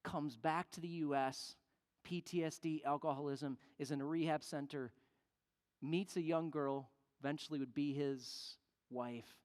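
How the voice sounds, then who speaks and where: A pastor preaching a sermon as an animated storyteller who acts out the people in the story. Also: mid-range voice, a little slow. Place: church sanctuary. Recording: long church reverb.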